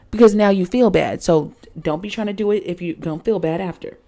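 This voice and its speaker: Lady recapping a dating show, kinda low voice, sassy and chatty, lots of ums. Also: fairly quick, few pauses, warm tone. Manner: chatty, sassy asides, many fillers. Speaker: reality show recap host.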